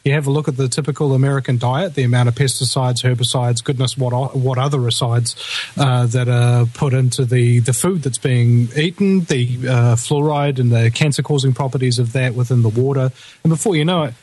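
A man's voice: medium pitch, steady tone, brisk, a little mellow. A man hosting a live talk radio show, rambling and opinionated as he rants between topics.

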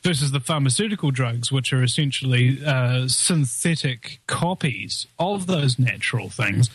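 A man's voice: mid-range voice, lively intonation, a little slow, husky, no room sound. A man hosting a radio talk show, chatting casually in a rambling, joking way with many fillers.

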